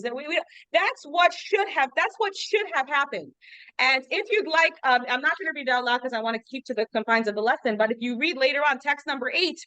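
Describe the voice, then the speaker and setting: Bright high-voiced woman teaching. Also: brisk, dry recording. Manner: chatty, lots of "like" fillers, explains with rhetorical questions. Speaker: class teacher. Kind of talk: informal lesson.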